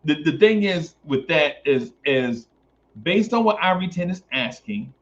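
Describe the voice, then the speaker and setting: Animated man on a sports talk stream. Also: a little high, unhurried. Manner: animated, repeats phrases for emphasis. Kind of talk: casual sports talk stream, reading chat. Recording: dull lo-fi stream audio.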